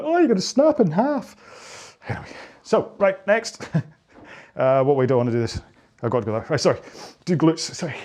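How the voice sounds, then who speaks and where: A man's voice: medium pitch, darkish tone. Jokey Scottish man leading stretches. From Scotland. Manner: jokey, rambling, self-deprecating. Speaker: rowing fitness instructor. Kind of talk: follow-along stretching instruction.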